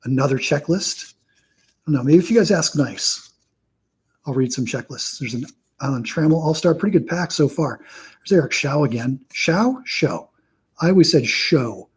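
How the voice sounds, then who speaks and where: A man hosting a casual live stream, reeling off a steady list of names and dropping dry, wry asides along the way. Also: fairly high pitch, moderate pace, slightly rough, low-quality recording. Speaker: host.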